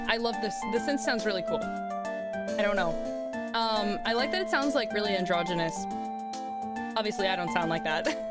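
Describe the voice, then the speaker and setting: A young woman streamer chatting casually while playing a game, giggling often and swearing freely. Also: medium pitch. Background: loud game music.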